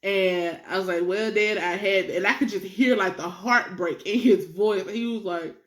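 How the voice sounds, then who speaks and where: A young woman vlogger telling a personal story in a casual, animated way, laughing often and using slang. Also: medium pitch, moderate pace.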